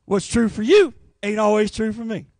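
Male preacher, high-pitched and lively, folksy storyteller, dry close sound. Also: normal speed, no echo. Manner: animated, folksy storytelling with acted voices. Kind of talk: Pentecostal revival sermon.

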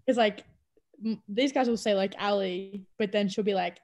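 Over a video call, a college basketball player in her young adult years chats animatedly with an interviewer in an Australian accent, laughing frequently. She talks at a moderate pace in a mid-range, slightly mellow voice.

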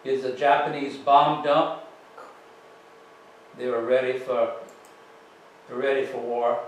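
Slow, folksy man in a hall. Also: medium pitch, steady tone, slight background noise. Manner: unhurried, folksy storytelling with fillers. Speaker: author giving a library talk. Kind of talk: slide presentation to an audience. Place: public library meeting room. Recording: roomy, distant mic with faint ambience.

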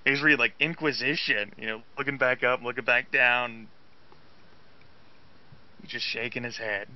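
A man's voice: mid-range voice, steady tone, moderate pace. A man playing a tabletop game, casually rambling as he describes his character. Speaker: player. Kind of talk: tabletop role-play chat. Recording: dull lo-fi voice chat.

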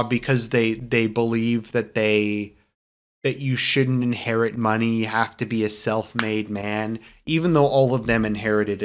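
Rambling sarcastic man reviewing a film. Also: medium pitch. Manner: rambling, halting, many fillers and restarts; sarcastic when mocking views he dislikes. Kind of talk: casual opinionated movie review.

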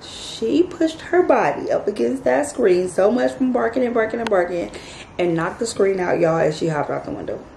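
A woman vlogger telling a story to her viewers in a casual, animated, chatty way. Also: medium pitch, normal speed, gravelly. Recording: echoey room, faint background noise.

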